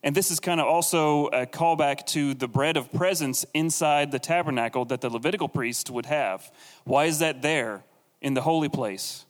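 A man's voice: a little high, normal speed, big-room sound. A man teaching a casual, conversational sermon on the Bible, with jokey asides and acted-out quotes.

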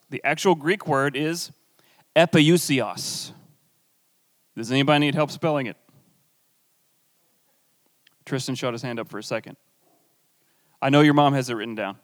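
A young man gives a sermon in a church hall. His voice sits a bit high, and it rings with a long hall reverb. He teaches in a playful, animated way and keeps turning to the audience with asides. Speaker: pastor.

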